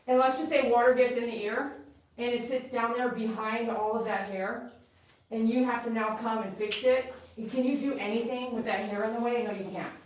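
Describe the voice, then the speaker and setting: A woman's voice: on the high side, steady tone, normal speed, distant mic. Chatty woman groomer in an echoey room. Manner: chatty, coaxing the dog and explaining as she works. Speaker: dog groomer. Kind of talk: explaining a grooming to a client on camera. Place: grooming salon.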